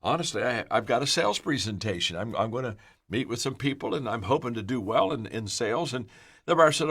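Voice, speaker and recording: An older man giving a motivational leadership talk, energetic and emphatic, telling stories and often repeating words as he gets going. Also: medium pitch, fast, slightly rough. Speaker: leadership speaker.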